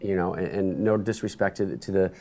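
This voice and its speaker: Low-voiced man, animated sports talk. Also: brisk. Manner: energetic, animated storytelling with many restarts. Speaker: interview guest, sports broadcaster. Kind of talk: casual studio interview. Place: studio.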